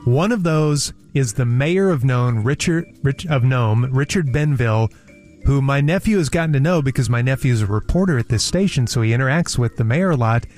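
A man's voice: mid-range voice, animated, fairly quick, a little mellow, faint music behind. A man on a talk show telling a travel anecdote in a casual, chatty way, repeating words and mimicking the people he quotes.

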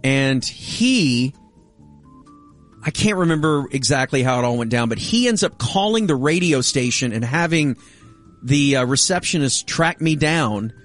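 A man's voice: mid-range voice, animated, measured pace, faint music behind. Middle-aged man telling a story on radio. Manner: storytelling, self-mocking. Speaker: radio show host. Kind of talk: casual radio banter.

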